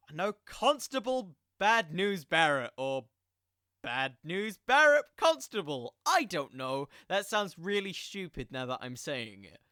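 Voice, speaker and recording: A man's voice: sits high, pushed and bright, no room sound, studio quality. A young man hosting a podcast, talking in a casual, rambling monologue that keeps drifting onto tangents. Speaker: podcast host.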